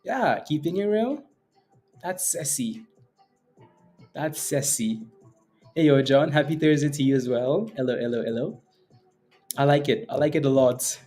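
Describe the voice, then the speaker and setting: A man's voice: a little high, animated, unhurried, pauses often, a little mellow, faint music behind. A man hosting a live day-trading stream, chatting casually with viewers, playful and laughing often while reading the chat. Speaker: day-trading livestream host.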